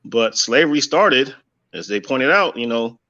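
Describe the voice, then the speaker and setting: A man's voice: mid-range voice, animated, measured pace, sharp tone, dull audio. A man giving rambling religious commentary, thinking aloud with many fillers.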